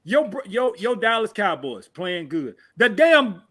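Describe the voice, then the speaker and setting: A man's voice: sits high, sing-song, a little slow, a bit bright. A man from Tennessee, co-hosting a sports podcast, ranting and cursing in heated casual talk. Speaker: podcast co-host.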